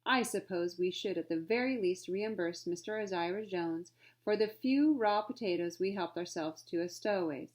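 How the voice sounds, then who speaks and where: Woman reading as a proper male butler, calm and formal. Storybook voice. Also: fairly low pitch, normal speed, close to an everyday voice. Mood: composed. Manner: composed, formal speech.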